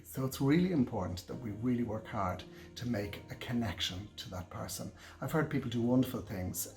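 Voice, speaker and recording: A man giving a gentle, reassuring training talk to carers, speaking directly to his audience. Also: lowish voice. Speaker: care trainer. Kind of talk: instructional talk to camera.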